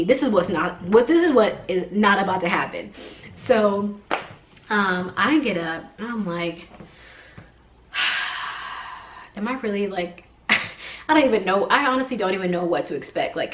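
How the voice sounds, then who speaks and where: Chatty woman in an echoey room. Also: lowish voice. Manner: chatty, many fillers, animated retelling. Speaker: vlogger, mother. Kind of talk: casual storytime.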